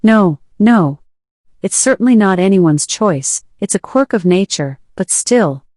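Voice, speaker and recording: A woman voicing a possessive older sister who pleads and insists, read in her own lowish voice. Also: animated, measured pace, a little mellow, dry recording, clean studio sound. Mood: pleading. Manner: insistent, coaxing.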